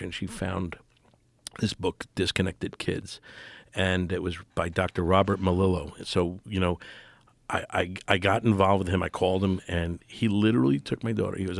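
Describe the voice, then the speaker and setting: A middle-aged man talking as a podcast guest, earnest and halting, full of fillers and restarts. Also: low voice, creaky, dry recording. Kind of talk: casual podcast conversation.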